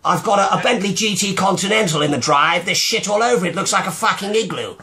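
A man's voice: high-pitched, fast talker, bright, forceful tone, soft background music. A man putting on a stressed, sweary gent plagued by pigeons, ranting in improvised comedy over voice chat. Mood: exasperated rant.

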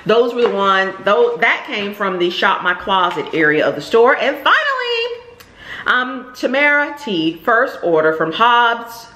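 A woman's voice: medium pitch, lively intonation, unhurried, few pauses, sharp tone, reverberant, slight background noise. A middle-aged woman chatting casually in a haul vlog, thanking shop customers and describing clothes, with plenty of ums and repeated words. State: out of breath. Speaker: vlogger and shop owner. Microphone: camera or phone nearby.

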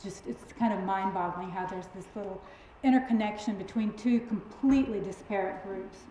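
A woman with a twang lectures to a hall full of students, with emphatic, friendly storytelling. Her voice is mellow and dark, and the sound rings with heavy reverb from the big room, with a faint hiss underneath. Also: medium pitch, normal speed. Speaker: guest lecturer. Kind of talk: public lecture. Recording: very echoey hall recording.

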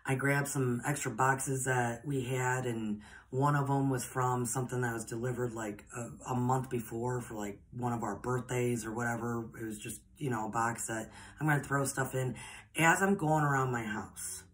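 A woman's voice: extremely low pitch, fairly even intonation, moderate pace. A woman, a spiritual podcaster telling personal stories in a chatty, rambling, earnest way. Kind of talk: personal storytelling.

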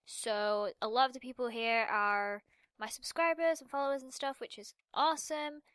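A young woman talks her way through a game in bubbly, rambling commentary. Her fairly high voice keeps drifting off into chatty asides. It is caught on a close, dry mic with almost no room sound. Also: moderate pace, fairly bright tone, clear, resonant tone, no room sound. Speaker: gaming commentator. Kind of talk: casual Minecraft let's-play commentary.

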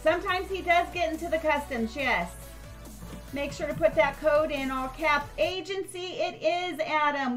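A woman's voice: high-pitched, moderate pace, a bit bright, faint music behind. An older woman live-streaming a game, chatting with viewers and thanking them by name.

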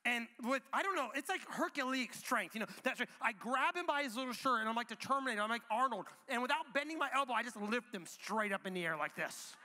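A man in his thirties preaching a sermon in a church, telling a playful family story in an animated way. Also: very high-pitched, fast, hardly any pauses, in a large hall. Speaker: pastor. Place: church auditorium.

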